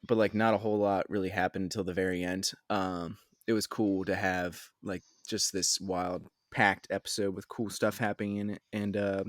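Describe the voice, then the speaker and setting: A man co-hosting a podcast, chatting casually and excitably about a TV episode, with lots of "like" fillers. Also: sits low, moderate pace, hardly any pauses, dry recording, studio quality. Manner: excitable, filler-heavy, says "like" a lot. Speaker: podcast co-host. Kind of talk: casual TV recap chat.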